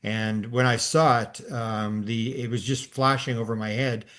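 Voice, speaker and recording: Older male podcast host, mid-range pitch, loose storyteller who rambles and restarts often. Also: fairly even intonation, a little slow, fairly bright tone. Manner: rambling, many restarts and fillers. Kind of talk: casual storytelling chat.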